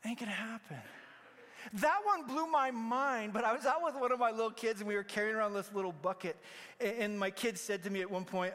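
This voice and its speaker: Man, pastor, sermon, high voice, long hall reverb, loud then hushed. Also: a little fast. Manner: swings between loud emphatic peaks and hushed near-whispers.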